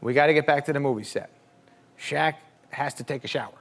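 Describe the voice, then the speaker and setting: A middle-aged man, a talk show guest, tells comic stories in a relaxed, animated way, often laughing and acting out the voices of the people he quotes. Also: fairly high pitch, a little fast. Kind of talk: casual comic storytelling. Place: television studio with live audience. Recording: studio audience laughter and noise. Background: audience laughter.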